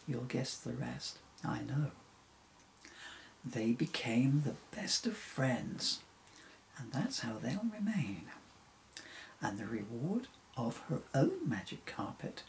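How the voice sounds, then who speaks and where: A man reading a rhyming children's story aloud, unhurried and sing-song. His voice has a gravelly grain and swings widely up and down as he tells it. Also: medium pitch, very animated, a little hiss or hum, rough recording.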